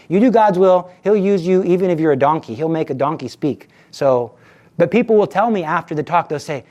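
A man's voice: fairly high pitch, fairly quick, darkish tone, highs cut off. Earnest male retreat speaker, casual faith talk to teens, chatty, keeps repeating his promises. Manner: earnest and conversational, repeats assurances; acts out quoted dialogue. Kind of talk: informal religious talk to teens.

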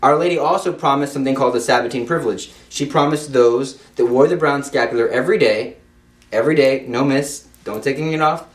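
A man's voice: medium pitch, brisk. A young man giving an informal Catholic devotional talk in an emphatic, repetitive way, with playful asides. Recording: echoey room, speaker off-mic.

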